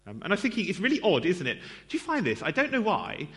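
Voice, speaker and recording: Guy preaching in church, kinda high voice, chatty, jokes at himself, lots of ums. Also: huge pitch swings, quick pace, fairly bright tone. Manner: self-deprecating, chatty, lots of fillers and asides to the congregation. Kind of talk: conversational sermon.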